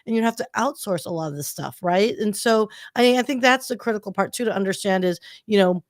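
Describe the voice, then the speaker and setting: A woman's voice: medium pitch, a little fast, no echo. Enthusiastic woman host, dry sound. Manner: enthusiastic, encouraging, addresses the audience directly. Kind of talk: interview hosting.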